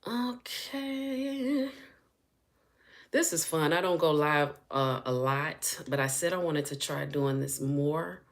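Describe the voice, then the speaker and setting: A woman speaking as a spiritual healing coach in a casual live-stream chat, chatty and animated and laughing often. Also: deep voice, a little slow, hardly any pauses.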